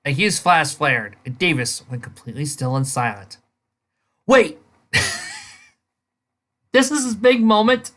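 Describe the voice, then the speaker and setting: A woman's voice: deep voice, lively intonation, unhurried, pauses often, a bit bright. A woman reading fan fiction aloud and ranting at it with sarcastic, incredulous commentary. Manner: incredulous, sarcastic, breaks into laughter. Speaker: fanfiction reader and reviewer.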